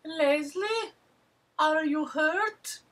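A man putting on a high whimpering falsetto to mock a creepy, clingy adult son whining to his mother. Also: drawn-out words, fairly bright tone, full character voice. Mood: simpering.

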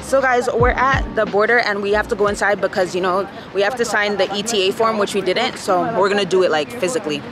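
A woman's voice: medium pitch, quick pace, hardly any pauses, over music. Chatty young woman vlogging to camera. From Canada. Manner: chatty, laid-back, heavy use of filler words. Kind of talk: casual vlog chat to camera.

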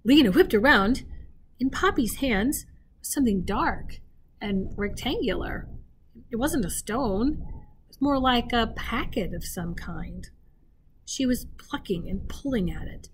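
A woman teacher reading a children's novel aloud expressively, pausing to speak directly to her listeners. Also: a little high, slight background noise. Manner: expressive, pauses to talk to listeners.

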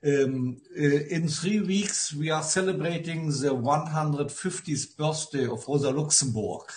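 A man's voice: fairly high pitch, a little slow, a little mellow, a little hiss or hum. A man with a German accent giving an academic talk over a video call, friendly and filled with hesitations. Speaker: guest speaker.

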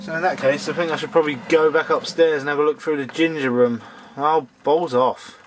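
A man's voice: fairly high pitch, steady tone, a little fast, background noise. A young man doing gameplay commentary, grumbling in exasperation and scolding the enemies on screen. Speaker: let's play gamer.

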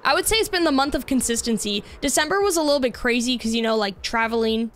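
Young female streamer, highish voice, chatty filler-heavy delivery, faint music bed. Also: quick pace, a bit bright. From Canada. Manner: chatty, lots of "like", reacts to gameplay. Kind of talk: casual live-stream chat while gaming. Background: faint background music.

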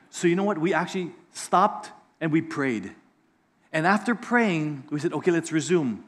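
Pastor, middle-aged male, high voice, animated preaching with acted-out voices. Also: moderate pace. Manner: lively preacher, acts out voices in anecdotes. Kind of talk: sermon.

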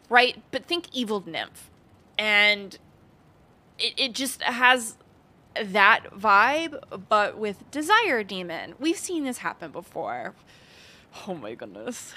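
A woman's voice: medium pitch, bright, forceful tone, a little hiss or hum. A woman streaming a game, chatting casually, giggling and greeting viewers in chat by name. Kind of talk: casual let's-play commentary.

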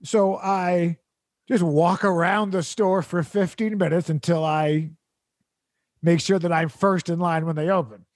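A man's voice: high-pitched, steady tone, unhurried, no echo, clean studio sound. A man hosting a comedy podcast, telling a rambling, exasperated story with laughs mixed into his sentences.

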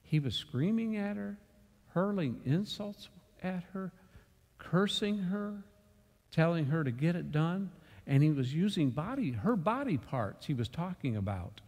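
A man leading a church Bible study, telling a story and then driving home a lesson with sudden loud bursts of emphasis. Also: fairly high pitch, breathy edge, big-room sound. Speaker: Bible class teacher. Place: church meeting room.

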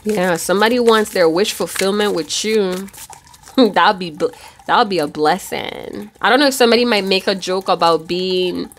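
A woman's voice: medium pitch, moderate pace. A woman giving a casual tarot reading, chatty and loose, with casual swearing. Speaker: tarot reader.

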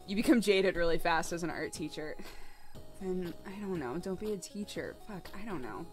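A young adult woman streamer telling a story in a casual, animated way, swearing freely and laughing often. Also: fairly low pitch, moderate pace, faint music behind.

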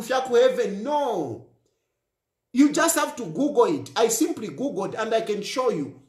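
A man's voice: high-pitched, reverberant. A man from Zambia, speaking to camera in emphatic political commentary, repeating himself and firing rhetorical questions.

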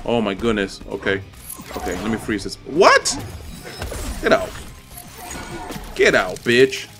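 A young man hosting his gaming channel, commentating live ranked matches with constant profanity and excitable trash talk aimed at his opponents. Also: on the low side, measured pace, music in the background.

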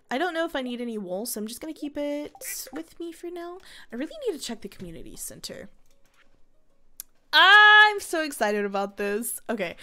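A young woman hosting a gaming video, chatting casually and excitedly to her viewers as she plays, often breaking into giggles. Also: sits high, a little hiss or hum. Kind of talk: casual gameplay commentary.

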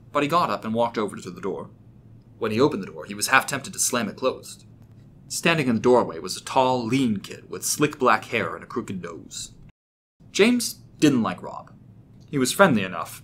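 Bright-voiced male horror narrator. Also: on the low side, a little hiss or hum. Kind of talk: scripted horror story narration.

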